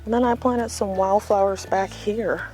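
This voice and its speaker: A woman's voice: medium pitch, fairly even intonation, moderate pace, darkish tone, soft background music. A woman giving a casual, unscripted tour of her front yard garden, chatty and rambling with self-deprecating asides, filmed outdoors on a phone.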